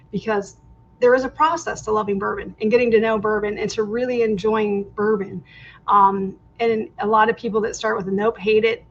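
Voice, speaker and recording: A woman who is a podcast guest, telling a story in a casual, animated way and acting out the dialogue. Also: medium pitch. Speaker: podcast guest, real estate agent. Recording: dull lo-fi sound with faint noise.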